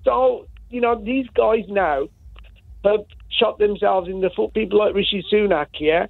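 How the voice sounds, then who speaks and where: A man's voice: sits high, a little slow, creaky, no echo. A man calling in to a radio phone-in, talking earnestly and often checking with "right?". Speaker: caller. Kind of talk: phone-in call. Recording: tinny phone line.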